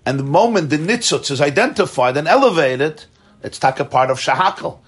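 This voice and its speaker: A man's voice: fairly high pitch, lively intonation, a little fast, a bit bright, breathy edge. A man teaching a Torah class, explaining ideas animatedly, chuckling often and mixing in Hebrew terms.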